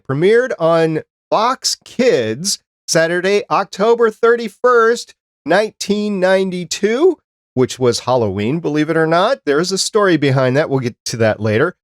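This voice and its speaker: A man's voice: fairly high pitch, big pitch swings, measured pace, no echo, clean studio sound. A man hosting a casual podcast chat, talking in an easygoing, rambling way. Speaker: podcast host.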